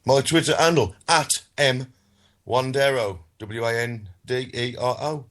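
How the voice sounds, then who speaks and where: A man's voice: mid-range voice, unhurried, fairly bright tone. A man, a guest joining a podcast over an internet call, bantering in a dry, self-mocking way. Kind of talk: casual podcast chat.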